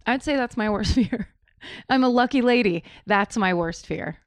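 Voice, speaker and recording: A woman's voice: a little high, no echo. A woman comedian, a guest on a podcast, chatting casually in a wry, joking way. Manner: wry, joking, quick to laugh.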